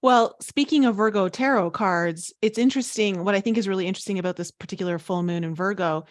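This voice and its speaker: A woman hosting a podcast, chatting in a measured, thoughtful way with her guest. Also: medium pitch, no room sound. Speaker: podcast host. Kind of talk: casual interview chat.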